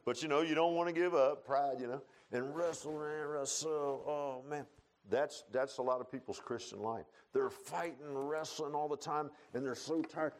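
A man preaching a folksy sermon, telling stories and building to loud emphatic points. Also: a little high, normal speed, a little hiss or hum. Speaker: pastor.

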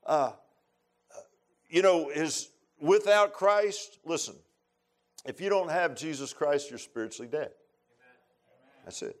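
A middle-aged man preaching a sermon in a folksy, repetitive way, rising to loud, emphatic bursts. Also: fairly high pitch, slow, pauses often. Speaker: pastor.

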